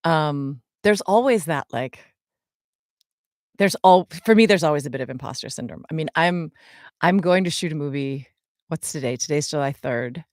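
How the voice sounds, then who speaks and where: A woman's voice: low voice, normal speed, dry recording, clean studio sound. A woman in her forties, co-hosting a podcast and answering fan questions in a chatty way, with many ums and small laughs. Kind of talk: casual podcast chat.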